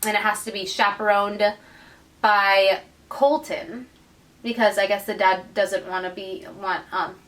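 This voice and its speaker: Recorded from afar in low quality, a woman co-hosting a podcast walks through a book's story at a measured pace in a medium-pitched voice. She's an animated storyteller who voices the characters' dialogue herself.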